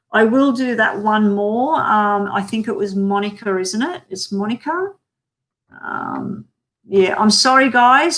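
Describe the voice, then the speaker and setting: A woman giving live-streamed tarot readings, chatty and talking to viewers by name with many ums. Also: medium pitch. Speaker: tarot card reader.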